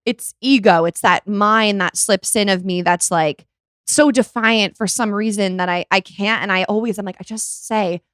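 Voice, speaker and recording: A woman's voice: mid-range voice, dry recording, studio quality. Chatty young woman podcast host. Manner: chatty, animated, quick to act out quoted voices. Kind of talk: casual chat.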